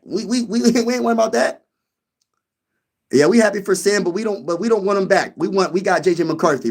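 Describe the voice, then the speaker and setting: A young man from Pennsylvania hosting a casual sports talk stream, slangy and animated, repeating lines for emphasis. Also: high-pitched. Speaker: sports show host. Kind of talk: casual live-stream chat.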